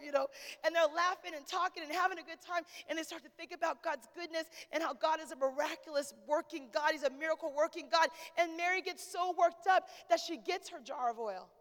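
Woman preacher, bright and forceful, hushed storytelling rising to shouted praise. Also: high voice. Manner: calls out to the congregation. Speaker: pastor. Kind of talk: sermon. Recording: long hall reverb.

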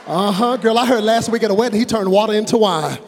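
A man's voice: high-pitched, fast. A male preacher voicing gossiping women who gush over a handsome man. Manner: gushing, gossipy. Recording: long reverb of a large hall.

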